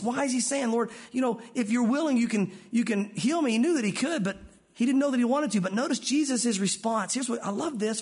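High-voiced husky male preacher. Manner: animated preaching, acts out voices of Bible figures. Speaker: pastor. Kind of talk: sermon.

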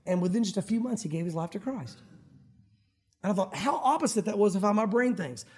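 A middle-aged man preaching a sermon as pastor, animated and acting out quoted voices. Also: sits high, brisk, husky.

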